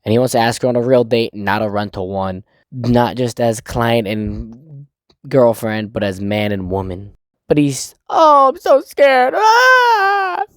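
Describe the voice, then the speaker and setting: A man's voice: lowish voice, steady tone, unhurried, darkish tone, no echo, clean studio sound. Man casually recapping a manga chapter. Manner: rambling, profane, laughing often. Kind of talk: casual chat.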